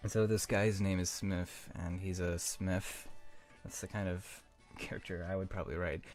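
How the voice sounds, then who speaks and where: Rambling young man with a low voice. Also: level tone, unhurried, darkish tone, soft background music. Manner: rambling, many fillers, self-mocking. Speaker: let's play host. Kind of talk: casual gameplay commentary.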